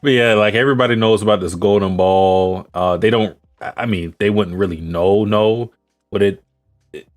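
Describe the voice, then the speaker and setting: Laid-back low-voiced man. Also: normal speed, soft background music. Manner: laid-back, hesitant, many fillers. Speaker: podcast co-host. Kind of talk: casual chat.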